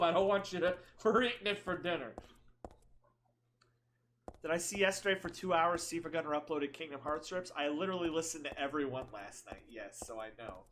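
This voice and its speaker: A woman's voice: deep voice, a bit bright, a little hiss or hum. A woman streamer giving casual, joking let's play commentary, chatty and laughing often.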